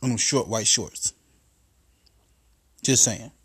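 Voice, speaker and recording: A man's voice: mid-range voice, slow pace, fairly bright tone, husky. A man hosting a podcast, telling a profane comedic story in a casual monologue that builds into exasperated rants. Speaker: podcast host.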